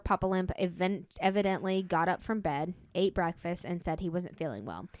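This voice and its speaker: A woman's voice: fairly low pitch, moderate pace. A woman co-hosting a podcast, casually telling a story with lots of fillers and self-corrections. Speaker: podcast co-host.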